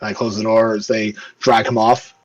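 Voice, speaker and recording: A man running a tabletop game as game master, narrating in an animated way with many fillers. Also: fairly low pitch, moderate pace, lo-fi sound.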